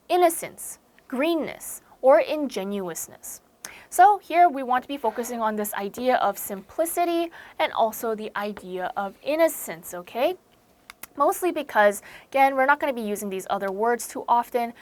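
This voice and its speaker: A woman's voice: a little high, dry recording. A young American woman teaching English vocabulary in an online lecture, chatty, explaining each word by rephrasing it and using plenty of fillers. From United States.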